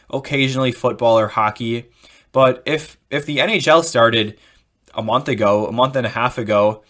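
Man, podcast host, casual sports talk, opinionated, rambling, middle-pitched voice. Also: a bit bright.

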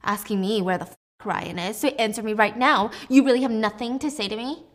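A woman's voice: a little high, a little fast, lightly acted. A woman voicing a resentful rich man who confronts his former lover. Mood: accusing. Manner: tense, accusing.

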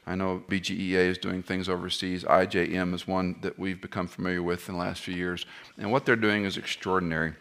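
In a low, brisk voice, a man delivers an animated expository sermon. He fires rhetorical questions at his audience and drops in joking asides.

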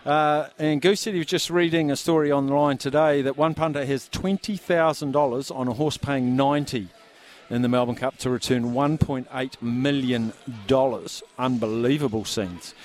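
A man with a New Zealand accent hosting a live radio show, brisk and jokey as he reads out listener texts. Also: medium pitch, fairly even intonation. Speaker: radio host.

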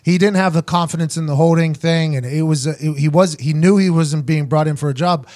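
A man in his thirties, a podcast host and former punter, telling stories in a loose, profane, animated way. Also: a little high, a little fast. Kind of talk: casual storytelling chat.

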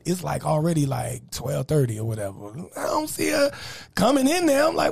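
A man's voice: expressive, fairly quick, gravelly, a little mellow, husky. A young man, a comedian and rapper, tells a story in casual chat and acts out every voice in it. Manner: acts out every voice in his story, swinging pitch.

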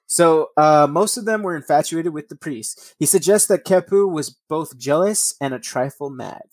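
A man's voice: on the high side, normal speed, no echo. Casual profane male podcaster, dry sound. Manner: profane, rambling asides between read passages. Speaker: podcast host. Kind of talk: casual storytelling podcast, reading passages aloud.

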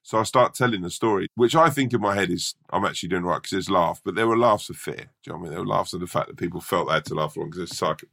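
Gravelly, deep-voiced comedian telling a story. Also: male voice, very fast, few pauses. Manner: swearing, animated storytelling. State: hungover. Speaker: stand-up comedian. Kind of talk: casual podcast chat, anecdote.

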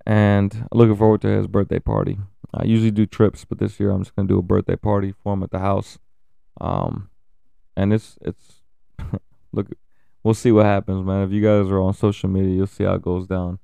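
A man in his thirties talking candidly about his family and kids, swearing often and pausing with fillers. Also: fairly low pitch, flat delivery, gravelly, warm tone, clear, resonant tone, dry recording. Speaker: father sharing family updates. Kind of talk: casual personal talk to camera.

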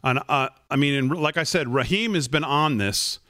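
A man's voice: fairly high pitch, normal speed, sharp tone, no echo, studio quality. A man hosting a political talk show, reading messages aloud and going through his points one by one. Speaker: host. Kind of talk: political commentary.

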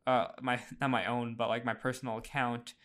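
A chatty man talking through a casual podcast recap at a middle pitch. He fills pauses with "uh" and restarts his sentences, and small laughs slip in. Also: flat delivery, fairly bright tone. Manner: chatty, laughs often, many fillers and restarts. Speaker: podcast host.

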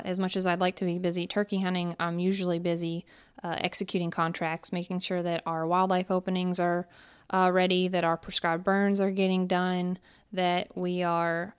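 A woman in her thirties from Pennsylvania, a wildlife biologist, explaining things in a relaxed podcast chat. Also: lowish voice, clean tone. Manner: relaxed, explanatory, laughs easily. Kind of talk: casual podcast interview. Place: house in Baton Rouge.

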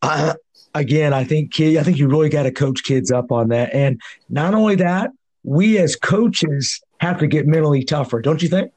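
Male podcast host and coach, slightly high voice, earnest and reflective. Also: moderate pace, darkish tone. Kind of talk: casual podcast interview.

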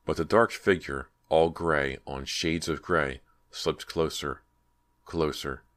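A man reading a horror audiobook in a steady, measured way. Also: extremely low pitch. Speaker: audiobook narrator. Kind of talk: scripted horror narration.

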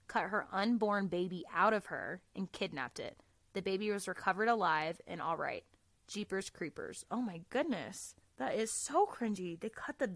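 A woman's voice: lowish voice, a bit bright, no echo. A woman hosting a casual podcast, reading listener stories aloud, laughing often and swearing freely.

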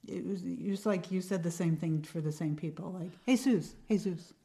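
A woman's voice: on the low side, fairly even intonation, fairly quick, dark tone. Dry-talking middle-aged woman comedian. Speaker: podcast guest, comedian. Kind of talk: casual chat.

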